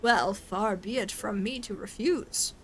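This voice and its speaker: Woman doing a pompous gentleman inspector. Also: medium pitch, a little slow, slight background noise, pitched below the performer's own voice, lightly acted, poor audio. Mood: grandiose. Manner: theatrical, grandiloquent. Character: pompous flamboyant gentleman inspector, male, adult.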